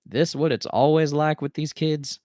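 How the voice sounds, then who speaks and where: A man voicing a cocky, easygoing Southern Air Force controller with a slow, laid-back drawl. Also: on the high side, steady tone, a little mellow, dry recording, clean studio sound, voice pushed up, close to an everyday voice. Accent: Southern US drawl, put on.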